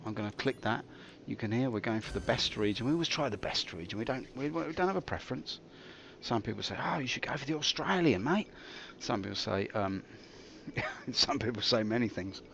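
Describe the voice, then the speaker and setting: A man streaming a game, telling theatrical, jokey stories with big swings in pitch. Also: moderate pace, creaky, a bit bright, a little hiss or hum. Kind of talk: rambling live-stream commentary.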